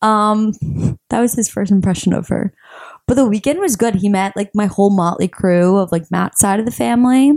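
A young woman, co-hosting a casual podcast and telling stories with lively acted-out quotes. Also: medium pitch, normal speed, no echo, studio quality. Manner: animated storytelling, acts out quotes. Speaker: podcast co-host. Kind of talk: casual chat.

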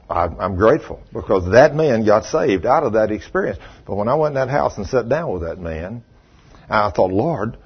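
A man's voice: mid-range voice, slightly rough. An older man preaching a sermon, telling a folksy story and acting out what people said. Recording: dull lo-fi sermon recording.

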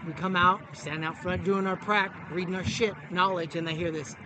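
A middle-aged man and former Marine telling a story in a casual podcast chat, animated and profane, acting out the voices of the people in it. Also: high voice, moderate pace, slight background noise.

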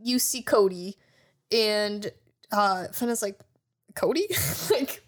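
A young woman co-hosting a podcast, casually retelling a show's scenes with quick acted-out quotes and plenty of swearing. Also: mid-range voice. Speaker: podcast co-host. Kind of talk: casual chat recapping an anime.

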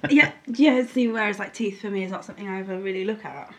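A woman chatting casually among friends, blunt and quick to laugh. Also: medium pitch, a crowd in the background. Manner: blunt, laughs often, animated. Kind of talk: casual chat.

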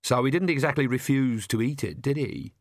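A man doing a deadpan young woman. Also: medium pitch, fairly quick, no room sound, clean studio sound, natural voice. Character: dry, sharp-tongued young woman.

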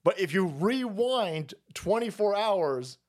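Animated, high-pitched ranting man. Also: slow pace. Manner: loud, mocking, foul-mouthed, restarts a lot. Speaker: streamer host. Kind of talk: profane political rant.

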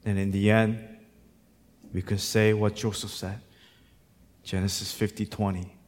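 A male pastor preaching a sermon, moving between quiet, reflective passages and loud, impassioned exhortation. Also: fairly low pitch, flat delivery, measured pace, long reverb tail.

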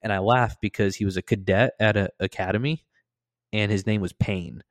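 A man casually telling a story on a podcast, laughing, swearing and acting out loud shouted quotes. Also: normal speed, no echo. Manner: animated, acts out quoted voices with loud high shouts.

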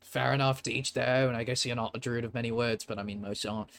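A man voicing a gruff, swearing shopkeeper. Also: medium pitch, fairly even intonation, quick pace, a little hiss or hum. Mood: wry. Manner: crude, blunt, loud outbursts. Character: gruff, swearing male shopkeeper, nervous when rich.

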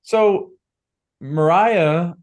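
A man's voice: high-pitched, very slow. A man co-hosting a podcast, talking casually with easy hedges and laughs. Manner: relaxed, hedging, laughs between points. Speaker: podcast co-host. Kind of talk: casual chat.

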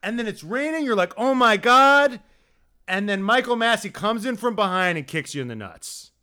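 A man co-hosting a casual comedic chat, telling stories with lots of stammering restarts and acted-out quotes. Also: a little fast. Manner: animated storyteller, acts out quotes with big pitch swings. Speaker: podcast co-host.

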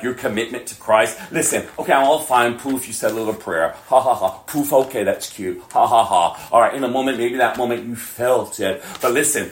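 A male pastor preaching a sermon with passion, laughing often and swinging between shouts and hushed whispers. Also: medium pitch.

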